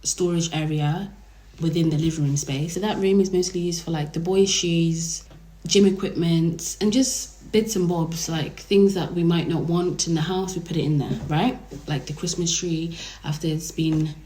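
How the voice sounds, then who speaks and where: Woman, young, chatty storyteller, mellow, low voice. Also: moderate pace. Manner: animated, conversational, dramatic storytelling. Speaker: vlogger. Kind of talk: storytime vlog. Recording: roomy echo.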